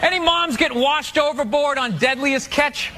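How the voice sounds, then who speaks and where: A man doing a stand-up comedy routine with sarcastic, deadpan mockery. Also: very high-pitched, moderate pace, a loud crowd, very noisy.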